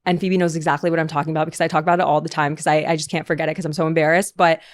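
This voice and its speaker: A young woman, a podcast guest, telling a story in a lively, animated way, with sound effects and quoted voices. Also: low voice, rapid-fire. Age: young adult. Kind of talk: casual storytelling. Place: podcast studio.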